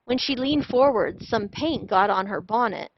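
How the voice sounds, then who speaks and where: A woman narrating a children's storybook read-aloud in a clear, even storytelling manner. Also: a little high, moderate pace, dull audio, a little hiss or hum.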